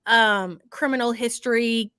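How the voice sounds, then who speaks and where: Woman, slightly high, casual stream talk, halting delivery, dry sound. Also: fairly even intonation, bright, forceful tone, clear, resonant tone, dry recording. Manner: measured, hesitant, full of ums and uhs. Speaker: streamer in the clip being reacted to.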